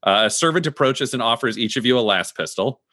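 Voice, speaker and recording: A man narrating a tabletop role-playing game as game master, animated and descriptive, with frequent fillers. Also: mid-range voice, a little fast, no echo, clean studio sound.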